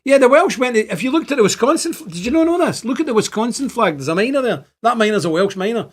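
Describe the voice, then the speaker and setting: Animated man. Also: very high voice, fast, breathy edge. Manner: animated, rambling, chants and jokes. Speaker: host. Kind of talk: casual online show talk.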